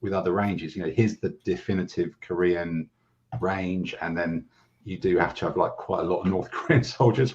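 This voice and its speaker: A British man joining a podcast as a guest over a remote call, telling relaxed anecdotes. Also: low voice. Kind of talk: casual podcast chat, remote. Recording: dull lo-fi remote line with faint hiss.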